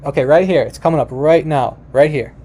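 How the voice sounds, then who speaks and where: A man with a mellow, slightly raised voice explains a language to his viewers in a relaxed, conversational way. He speaks informally, often restarts his sentences, and talks straight to the listener. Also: on the high side, fairly quick, slight background noise. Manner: chatty and informal, addresses "you guys", frequent restarts. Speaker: language teacher.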